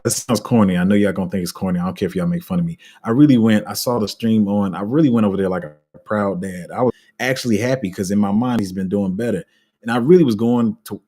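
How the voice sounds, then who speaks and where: A man's voice: fairly low pitch, fast talker, mellow, breathy edge. A man hosting a crypto livestream, talking frankly and with exasperation in heavy slang, with many restarts. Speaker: crypto YouTuber reading live comments. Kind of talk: casual livestream rant.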